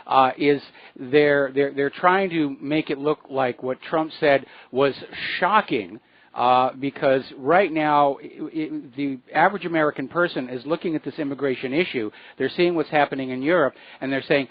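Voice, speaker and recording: A man's voice: mid-range voice, no room sound, highs cut off. Dry-sounding male radio talk host. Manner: measured, explanatory, with frequent uh fillers. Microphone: studio microphone.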